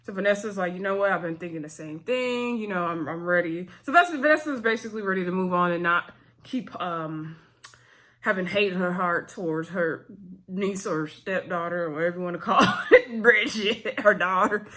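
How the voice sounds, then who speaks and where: A woman casually recapping a TV episode for her viewers, chatty and addressing them as "y'all", slipping into quick voices when she quotes characters. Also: on the low side, fairly bright tone. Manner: talks straight to viewers as "y'all". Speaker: TV episode reviewer.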